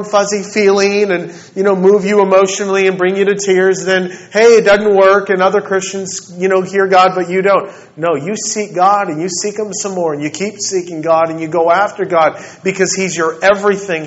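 A man preaching a sermon, dropping to soft, slow assurances and then building to fervent, rising declarations. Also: high-pitched. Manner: swings between soft, slow, intimate passages and rising, fervent ones. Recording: dull lo-fi recording.

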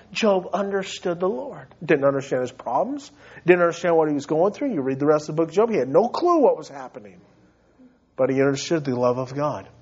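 Male pastor, high-pitched, emphatic preaching style with big swings; dull lo-fi recording. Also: slightly rough. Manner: emphatic preaching, swinging between loud high peaks and low quiet drops. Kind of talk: sermon.

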